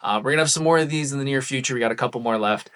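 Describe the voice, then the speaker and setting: A man with a bright, crisp voice tells a fan story to camera in a casual, chatty way. He sounds animated and easygoing, like a vlogger talking to his regular viewers. His pitch sits in the middle of the usual range for men. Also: very fast. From Canada. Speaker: cosplay vlogger.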